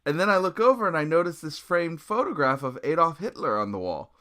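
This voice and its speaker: Bright animated man telling a wild story. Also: on the high side, a little fast. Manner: acts out quotes, jumps to shrieks and laughs. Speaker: musician guest.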